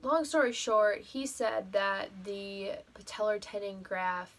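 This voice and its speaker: A woman's voice: mid-range voice, fairly even intonation, slow. Young woman telling a story with emotion. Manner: emotional, swears freely, many "like" fillers. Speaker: vlogger. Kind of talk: casual storytelling to camera.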